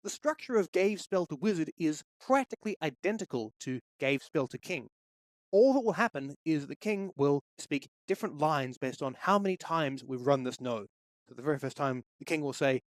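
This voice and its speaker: A man's voice: fairly high pitch, animated, moderate pace, no echo. A man walking through a game development tutorial, explaining each step steadily into a close microphone. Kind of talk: screen-recorded tutorial.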